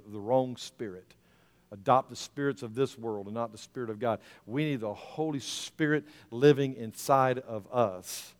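A man preaching a sermon as pastor, folksy and rising to fervent emphasis. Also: medium pitch. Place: church sanctuary. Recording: reverberant church hall, soft music.

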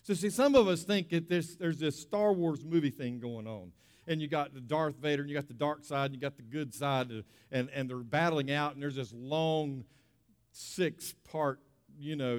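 A man's voice: mid-range voice, moderate pace. A male pastor preaching a conversational sermon, stressing points with repetition and rhetorical questions. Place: church sanctuary. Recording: long hall reverb.

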